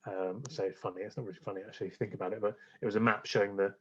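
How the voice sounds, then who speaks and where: A man's voice: lowish voice, flat delivery, rapid-fire, fairly bright tone, slightly rough, dull audio. A man, a guest on a podcast, chatting casually and rambling with many fillers and restarts. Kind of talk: casual interview chat.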